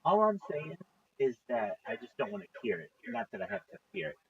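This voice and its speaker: A man with a fairly high, creaky voice talks briskly through a meandering story on a laid-back livestream. Swearing is frequent, and he imitates what others said with lively delivery. The audio has a dull, lo-fi stream quality.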